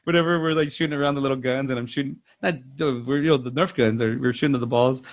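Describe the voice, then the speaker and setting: Gravelly rambling man on a podcast. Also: mid-range voice, steady tone, quick pace. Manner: rambling, many fillers and restarts, acts out quotes loudly. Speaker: podcast co-host. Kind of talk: casual movie podcast chat.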